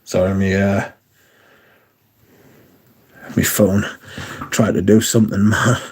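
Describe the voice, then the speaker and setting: A man's voice: lowish voice, level tone, slow pace, slightly rough. A man hosting a casual livestream, chatting with viewers and swearing freely, his voice worn down by a sore throat. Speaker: livestream host.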